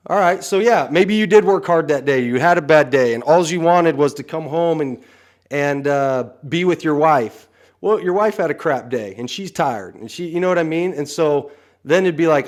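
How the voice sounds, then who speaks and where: A man's voice: fairly high pitch, lively intonation, moderate pace. A man, a coach, talking earnestly and frankly in a casual podcast chat, often saying "you know".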